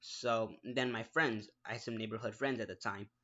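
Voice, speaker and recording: Rambling man telling a story, bright lo-fi voice. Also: lowish voice, steady tone, moderate pace. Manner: rambling, restarts sentences, apologizes a lot; makes his own mouth sound effects. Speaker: gaming vlogger. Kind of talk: casual storytelling.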